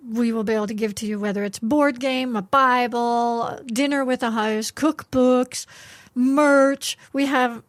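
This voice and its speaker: A woman co-hosting a faith radio breakfast show, chatting casually and often pausing with fillers. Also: on the high side, steady tone. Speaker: radio co-host.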